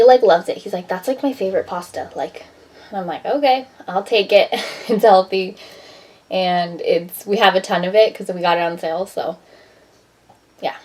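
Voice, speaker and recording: A woman's voice: medium pitch, slight background noise, rough recording. A woman vlogger chatting casually in her home kitchen, rambling with lots of "like" and "um". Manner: chatty, rambling, heavy use of "like" and "um". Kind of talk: casual vlog chat.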